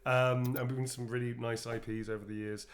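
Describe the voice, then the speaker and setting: A man's voice: medium pitch, level tone, brisk. Tired, playful man streaming. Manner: rambling, playful, swears casually, calls viewers darlings. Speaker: actor drawing requested sketches for viewers. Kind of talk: casual livestream chat.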